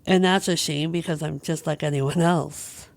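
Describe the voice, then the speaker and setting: A woman's voice: sits low, steady tone, moderate pace, gravelly, no echo. A woman hosting a podcast, talking through a personal experience in a candid, emotional, searching way. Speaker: podcast host. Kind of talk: personal reflective monologue.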